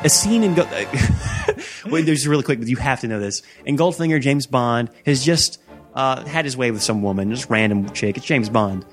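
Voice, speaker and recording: Brief: man, mid pitch, rambling jokey movie-recap host, faint music behind. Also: animated, moderate pace. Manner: rambling, jokey, acts out lines. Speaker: podcast host. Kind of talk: casual movie recap chat.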